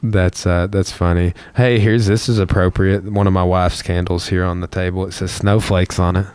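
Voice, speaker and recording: Deep-voiced rambling man. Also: little pitch movement, normal speed, darkish tone, clean tone, no room sound. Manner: rambling, loose and profane. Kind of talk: casual chat.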